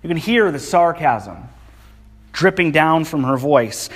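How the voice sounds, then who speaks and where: A man's voice: a little high, expressive, slow pace, breathy edge. A male preacher giving a sermon, speaking emphatically and reading scripture with feeling. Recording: long hall reverb.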